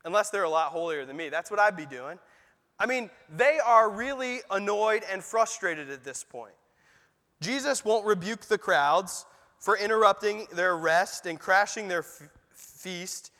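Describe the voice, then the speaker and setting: A male pastor preaches in a high, bright, forceful voice. He talks to the congregation conversationally and drops in rhetorical asides. His words ring out with the long reverb of a church sanctuary. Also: animated, measured pace. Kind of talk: sermon.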